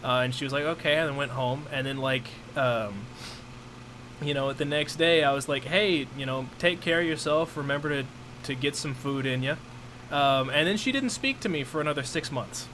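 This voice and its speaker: A man's voice: mid-range voice, normal speed, a bit bright, a little hiss or hum. A young man streaming and chatting casually, telling a long story with many fillers and restarts.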